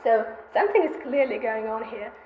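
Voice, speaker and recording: A woman giving an academic conference talk. She walks through slides at a measured pace, with frequent "uh" and "um" fillers as she points to figures. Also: fairly high pitch, echoey room, lo-fi sound, slight background noise. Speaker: conference presenter.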